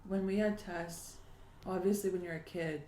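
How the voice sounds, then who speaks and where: A woman's voice: lowish voice, steady tone, normal speed, dark tone, echoey room, a little hiss or hum. A young woman co-hosting a podcast, telling stories in casual chat and laughing often. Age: young adult. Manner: chatty storytelling, laughs often. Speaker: podcast co-host.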